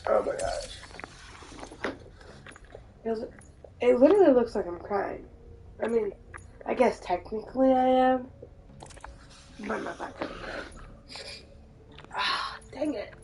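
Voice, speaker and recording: A woman's voice: on the high side, measured pace, vocal fry, pauses often, a little mellow, slight background noise, low-quality recording. A woman streamer in casual let's-play chat, rambling and chatty with lots of "like".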